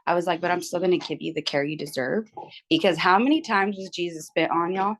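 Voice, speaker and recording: A woman's voice: on the low side, fairly quick, a bit bright, slight background noise. A tired young woman on a video call, telling a story candidly in casual chat. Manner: candid, storytelling, quotes people in her retelling. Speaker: book club member.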